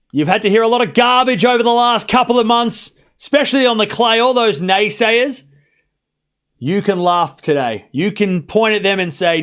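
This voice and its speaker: Man, young adult, high-pitched, live tennis commentary, excitable, desk mic. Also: moderate pace. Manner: excitable, swings from quiet mutter to shouting. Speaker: tennis watchalong streamer. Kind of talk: live play-by-play commentary to chat.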